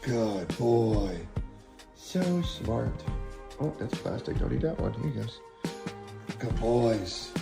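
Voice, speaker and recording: A man's voice: mid-range voice, expressive, takes it slowly, creaky, pauses often. A man giving a dog commands and praising it in a coaxing voice. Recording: echoey room, loud music.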